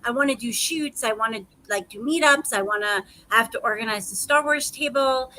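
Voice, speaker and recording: A woman's voice: fairly high pitch, brisk, pushed and bright, low-quality recording. A woman guest on a podcast panel, talking in a hesitant, rambling way with many restarts. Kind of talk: casual panel chat.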